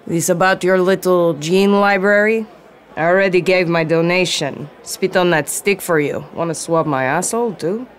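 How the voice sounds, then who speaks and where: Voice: mid-range voice, moderate pace, natural voice. A narrator voicing an angry, drunken male town mayor who bellows and sneers. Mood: sneering. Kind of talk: audiobook narration.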